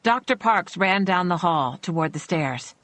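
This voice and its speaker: Low-voiced woman narrating a thriller. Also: lively intonation, a little slow, fairly bright tone. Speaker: audiobook narrator.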